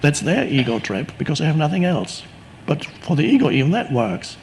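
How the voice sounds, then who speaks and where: A man giving a calm, unhurried spiritual teaching talk, reflective and often restarting his sentences. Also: fairly high pitch, slight background noise, rough recording.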